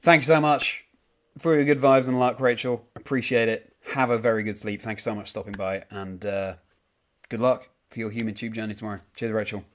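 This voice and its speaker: A man's voice: lowish voice, fairly even intonation, a little fast. A young man streaming a game, casually reading out and answering chat messages with frequent ums. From United Kingdom.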